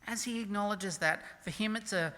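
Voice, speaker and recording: A preacher delivering a sermon with emphasis, swinging from loud declarations to hushed near-whispers and reading scripture slowly and softly. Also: medium pitch, in a large hall. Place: church.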